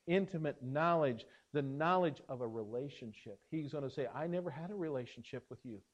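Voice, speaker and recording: Male pastor preaching with earnest emphasis, somewhat higher voice, dull lo-fi recording. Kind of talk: sermon.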